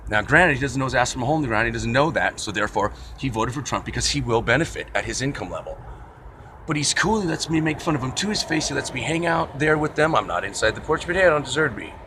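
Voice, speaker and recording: A man's voice: mid-range voice, animated, quick pace, background noise. A man vlogging a casual, rambling rant with a sarcastic, wry manner.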